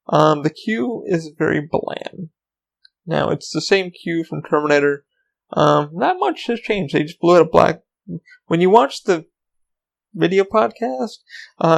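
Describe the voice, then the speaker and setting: Casual male podcast host, slightly high, gravelly voice, rambling and profane. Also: low-quality recording. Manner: rambling, swears freely, frequent ums. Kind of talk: casual solo podcast chat.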